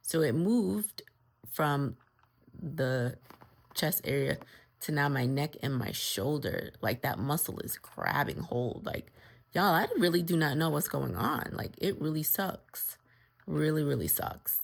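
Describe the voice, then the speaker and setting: Weary, gravelly-voiced woman in pain. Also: sits low, expressive, takes it slowly. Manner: weary, plainspoken, tired. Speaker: vlogger. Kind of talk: personal health vlog.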